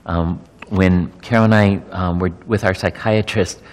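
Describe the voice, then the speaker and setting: A middle-aged male pastor with a somewhat low voice speaks candidly to a gathered audience. He often halts and repeats words as he works through his thoughts. His voice carries a long reverb from a large hall. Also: steady tone. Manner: candid, halting, repeats words while searching. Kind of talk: personal testimony talk to an audience.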